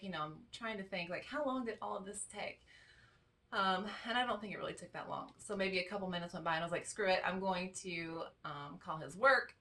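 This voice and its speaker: A woman's voice: medium pitch, sharp tone. A woman vlogger telling a story in a casual, rambling way, full of "you know" and "like.". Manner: rambling, chatty, heavy on fillers like "you know" and "like". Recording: voice a little distant from the mic.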